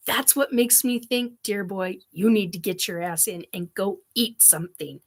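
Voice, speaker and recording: A woman's voice: a little high, measured pace. A middle-aged woman hosting a casual live chat, rambling with many ums and laughs as she reads viewer comments. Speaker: livestream host.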